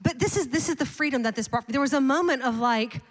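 A middle-aged woman pastor preaching a sermon, telling a personal story in an animated, emphatic way with repeated refrains. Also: sits high, fast. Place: large church auditorium. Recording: long hall reverb.

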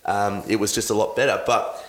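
A man's voice: lowish voice, little pitch movement, fairly quick. A man hosting a podcast, asking long rambling questions in a casual chat and cracking jokes. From Australia. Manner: rambling questions with many fillers and restarts, joking. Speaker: podcast host.

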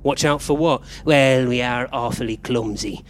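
An actor playing a flustered male time traveller who keeps meeting copies of himself, bickering in quick, confused back-and-forth in a live comedy stage play. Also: medium pitch, a little hiss or hum, lightly acted. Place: theatre stage, recorded live.

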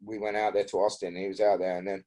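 A man's voice: deep voice, level tone, racing, dark tone. A man talking as a podcast guest in casual chat, rambling with restarts and frequent swearing. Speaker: podcast guest, BMX rider.

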